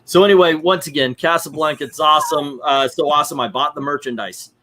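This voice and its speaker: A man's voice: on the high side, quick pace, sharp tone. A man chatting casually on a movie show. He rambles, hesitates and uses fillers. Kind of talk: casual chat.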